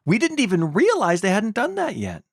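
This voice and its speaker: A man's voice: sits high, wildly swooping pitch, moderate pace, vocal fry, no room sound, clean studio sound. A man co-hosting a gaming podcast, goofy and teasing in casual chat. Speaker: podcast co-host.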